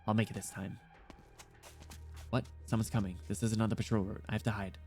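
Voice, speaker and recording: A man reading aloud, voicing a frightened young female student who hides from guards, murmuring her thoughts in a hushed, anxious way. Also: lowish voice, little pitch movement, brisk, faint music behind. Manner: hushed, anxious inner monologue.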